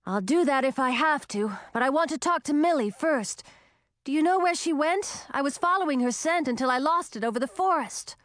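A woman's voice: high-pitched, lively intonation, brisk, fairly bright tone, dry recording, studio quality, pitched above the performer's own voice. A woman voicing an earnest, lovesick young male dragon in a storybook reading. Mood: pleading. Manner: earnest, pleading.

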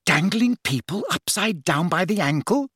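A man's voice: sits high, sing-song, moderate pace, a bit bright, husky, no echo, studio quality, pitched above the performer's own voice, full character voice. A man voicing a clever, disapproving teenage schoolgirl witch in an audiobook, reproachful and stern.

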